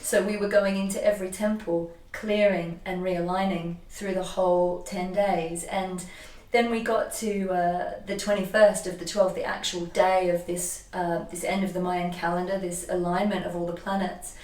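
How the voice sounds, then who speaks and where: A woman energy healer telling a personal story in an animated, emotional way, often restarting her sentences. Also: on the low side, normal speed. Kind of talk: casual conversation, personal storytelling. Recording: echoey room, voice from a distance.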